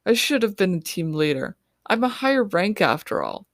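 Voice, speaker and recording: A woman's voice: lowish voice, sing-song, moderate pace, no room sound, clean studio sound. Woman reading as a snarling bratty girl. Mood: scornful. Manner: snarling, whiny. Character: bratty, arrogant teenage girl healer.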